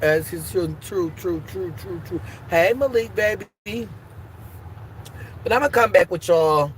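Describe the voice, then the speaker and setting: A woman's voice: lowish voice, unhurried, a little hiss or hum. A woman hosting a casual live stream, talking emphatically and with plenty of swearing, moving between heated outbursts and tender encouragement.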